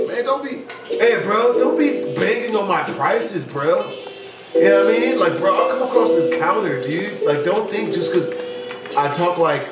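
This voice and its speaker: A young man commenting on a horror game he is playing, brash and full of slang, often breaking into yelling. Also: high-pitched, animated, normal speed, roomy sound, far from the mic, over loud music, rough recording. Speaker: gaming YouTuber.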